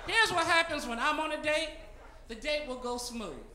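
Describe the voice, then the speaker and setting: A man's voice: very high voice, moderate pace, heavy background noise. A man doing a stand-up comedy set on a club stage, brash and teasing the audience, on a handheld mic. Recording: roomy club with loud crowd.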